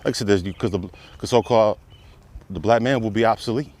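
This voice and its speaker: A commentator with a somewhat low, a little mellow voice speaks quickly through an impassioned monologue. He preaches by repeating rhetorical questions that escalate to emphatic peaks.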